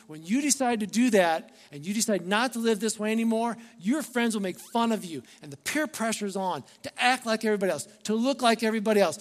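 A man's voice: sits high, quick pace, hardly any pauses, big-room sound. A male pastor preaching a sermon in a conversational, emphatic way, full of rhetorical questions to the congregation.

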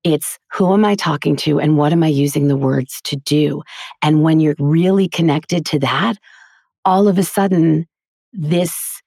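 A woman's voice: low voice, unhurried, vocal fry, mellow, no room sound, clean studio sound. A woman who teaches voiceover acting, talking earnestly and emphatically in a casual podcast interview.

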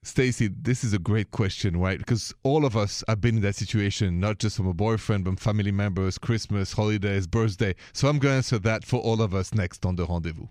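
A man's voice: on the low side, fairly quick, few pauses, a little mellow, no room sound, clean studio sound. A middle-aged man with a thick Parisian French accent, hosting a radio advice show in a chatty, playful way and slipping in French words. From France.

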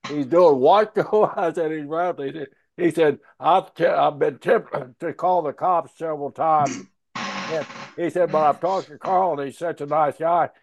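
A man's voice: fairly high pitch, a little slow, no room sound. Dry-sounding male host telling stories. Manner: laughing, animated retelling of conversations. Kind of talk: casual storytelling chat.

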